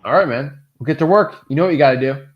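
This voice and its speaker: A man's voice: on the high side, quick pace, muffled recording. A man hosting a casual live coaching Q&A, talking in a loose, rambling, upbeat way with lots of fillers. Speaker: real estate wholesaling coach and host.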